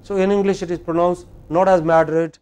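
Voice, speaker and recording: A man teaching spoken English in a university classroom, a non-native speaker who lectures deliberately and prompts students for answers. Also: high-pitched, level tone, mellow, smooth. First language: Indian language.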